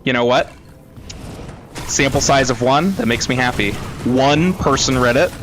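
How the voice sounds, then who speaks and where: Over music, a Florida man streams a game and chats casually in an unhurried, medium-pitched voice. He rambles and mocks himself, often trailing off mid-sentence.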